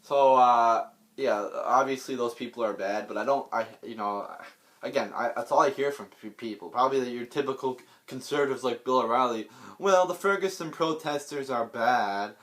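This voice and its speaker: A man's voice: mid-range voice, fairly even intonation, a little fast, a bit bright. A man delivering an unscripted political rant, blunt and profane, rambling with many restarts and repeated words. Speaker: political vlogger.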